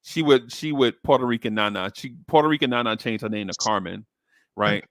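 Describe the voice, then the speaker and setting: An animated man spinning a long childhood story in casual talk. His voice sits at a middle pitch, and he leaps upward whenever he quotes someone. The sound is close and dry. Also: a little fast, dry recording. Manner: animated, jumps into high voices for quoted characters.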